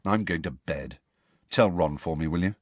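A man voicing a moody, irritable teenage boy who speaks low and flat. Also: moderate pace, no room sound. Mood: curt.

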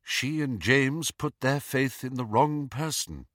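A man reading Dumbledore, cool and measured. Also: mid-range voice, fairly bright tone, no echo, studio quality, voice pushed up. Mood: probing. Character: old wizard headmaster, calm, cold, probing. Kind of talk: audiobook character reading.

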